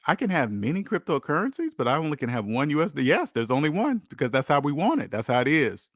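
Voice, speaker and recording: Animated preachy man, dry sound. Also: a little high, quick pace, no echo. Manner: preachy, animated, acts out quoted voices. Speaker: finance channel host. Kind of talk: casual monologue on money.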